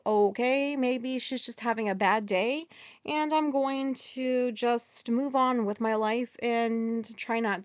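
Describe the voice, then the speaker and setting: A woman hosting a podcast and telling a story at home in a rambling, profane way. She corrects herself often and gets loud and agitated as she retells a conflict. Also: a little high, no room sound. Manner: rambling, heavy swearing, quick self-corrections. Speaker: podcast host. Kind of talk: casual storytelling monologue.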